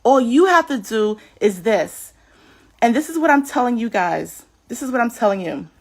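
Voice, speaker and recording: A woman giving a casual scripture teaching on a livestream, chatty and animated, often saying "like", talking into a computer webcam mic. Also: fairly high pitch, moderate pace. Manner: chatty and animated, many "like"s, laughs. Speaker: spiritual teacher.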